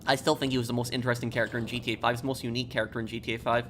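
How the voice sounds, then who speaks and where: A man streaming a video game, chatting casually with viewers in a relaxed, halting way. He sounds a little tired. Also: medium pitch, slight background noise. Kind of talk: live stream chat, answering viewers.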